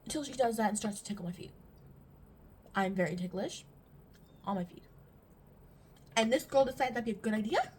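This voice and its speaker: A teenage girl doing a get-ready-with-me vlog in her bedroom, rambling and animated with lots of fillers. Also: a little high, brisk, pauses often, a little hiss or hum, poor audio. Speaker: vlogger.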